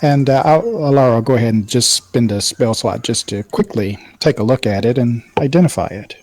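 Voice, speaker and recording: A man's voice: medium pitch, normal speed. A man running a tabletop role-playing game as game master, narrating at an easy pace with many ums. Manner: narrates with frequent ums, relaxed.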